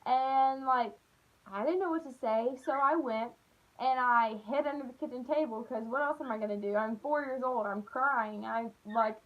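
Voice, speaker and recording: A young woman telling a childhood story on her vlog, animated and full of "like", acting out the voices. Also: sits high, normal speed. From Appalachian United States. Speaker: vlogger. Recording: dull lo-fi recording.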